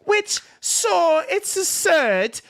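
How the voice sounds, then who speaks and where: A man doing a corny mock-British newsreader who stretches each line out slowly, his pitch swinging up and down. The accent is broad and overdone, delivered with mock-serious outrage. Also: sing-song, gravelly, fairly bright tone, heavily acted. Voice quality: exaggerated fake British accent. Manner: hammy, drawn-out mock-serious reading.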